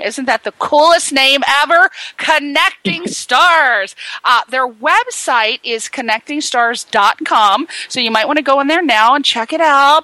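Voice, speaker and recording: Woman radio host, excitable and chatty; bright, punchy voice, dry close sound. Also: high voice, no echo, low-quality recording. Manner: chatty, excitable, jokey, with playful asides and restarts. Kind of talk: lively radio talk show intro and ad read.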